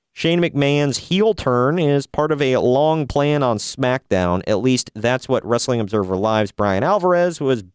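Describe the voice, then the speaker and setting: A man's voice: medium pitch, expressive, a little slow, smooth, dry recording, studio quality. A man hosting a casual wrestling news podcast, wry and opinionated, often laughing at his own jokes. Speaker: podcast host.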